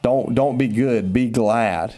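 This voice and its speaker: Upbeat pastor, mellow voice. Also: male voice, medium pitch, slow, soft background music. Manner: upbeat, playful teasing, then earnest encouragement. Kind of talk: casual devotional podcast talk.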